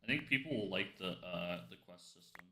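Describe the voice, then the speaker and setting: A man streaming casually while he tests his own app, halting and distracted, full of fillers as he talks to himself. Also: deep voice, lively intonation, reverberant, noisy background. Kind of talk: casual live-stream chat while working.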